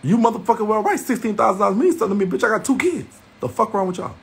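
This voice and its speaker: A man's voice: high voice, expressive, racing, gravelly, breathy edge. A man ranting angrily to his viewers, heated, repetitive and confrontational. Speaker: livestreamer. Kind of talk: angry profane rant to viewers.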